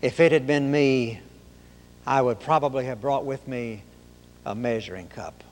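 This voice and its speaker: A man's voice: medium pitch, unhurried. A middle-aged man preaching a sermon in a folksy, emphatic way, asking rhetorical questions. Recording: long hall reverb.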